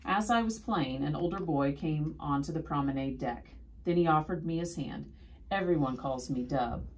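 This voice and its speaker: A woman reading a children's storybook aloud in steady first-person narration. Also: deep voice, normal speed, poor audio.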